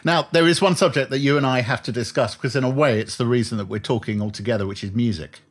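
A man's voice: mid-range voice, fast talker. A man hosting an interview, setting up his questions with background detail in an easygoing, conversational way. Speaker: interview host.

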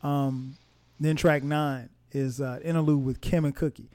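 A man's voice: mid-range voice, fairly even intonation, measured pace, warm tone, a little hiss or hum. A man hosting a casual music podcast, rambling with lots of fillers and restarts. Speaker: podcast host. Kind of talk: casual music review chat. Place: home in Atlanta.

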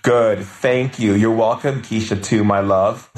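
A man leading a live spiritual healing session, reading viewer comments aloud and answering with soft, affectionate, chant-like commands. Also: on the low side, extremely slow, long pauses, roomy sound.

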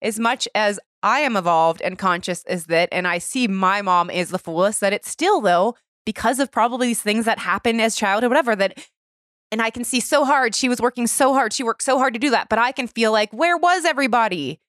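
A woman in her thirties hosts a casual chat, thinking out loud in a reflective, loose way full of "like." Her voice sits fairly high and is recorded close and dry. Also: brisk, no echo. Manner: reflective, many "like" fillers, swears casually. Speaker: podcast host.

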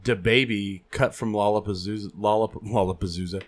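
Low-voiced joking man. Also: steady tone, fairly quick. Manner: swears freely, joking banter. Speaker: podcast co-host. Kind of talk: casual podcast chat.

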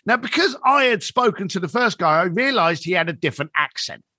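A man telling a story in conversation, animated and acting out other people's voices. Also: sits high, fairly quick, no echo, clean studio sound.

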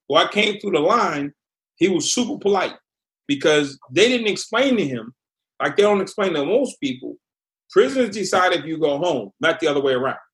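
Animated middle-aged male storyteller. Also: high voice. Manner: animated storyteller, acts out quotes. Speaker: podcast guest. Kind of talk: storytelling interview.

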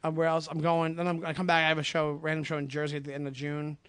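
Male comic guest, slightly high voice, rapid chatty delivery, dry close sound. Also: completely flat delivery, fairly bright tone, clean tone, dry recording. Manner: chatty, searches for words. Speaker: comedian guest. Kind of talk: casual chat.

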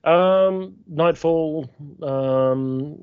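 A man's voice: a little high, drawn-out words, smooth, no echo, phone-quality sound. A man, a guest author, talking enthusiastically and emphatically in casual chat.

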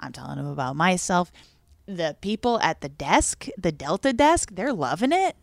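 A woman's voice: lowish voice, moderate pace, creaky, dry recording. A woman co-hosting a podcast in casual chat, telling stories with energy and acting out the voices of people she quotes. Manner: animated storyteller, acts out quoted voices. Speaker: podcast co-host.

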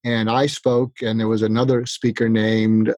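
A man giving animated, practical advice in an interview, acting out both sides of sample conversations. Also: fairly low pitch, moderate pace, dry recording. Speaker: guest expert.

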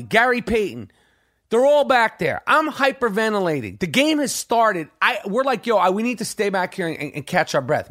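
Excitable, profane New man. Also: sits high. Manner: profane, excitable, rambling with lots of slang. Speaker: podcast host. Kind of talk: casual storytelling monologue.

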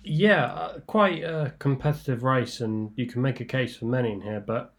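Guy rambling thru his racing tips, um-ing a lot, mid pitch. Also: normal speed. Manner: rambling, with many fillers and restarts. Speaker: racing tipster guest. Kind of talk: casual racing tips discussion.

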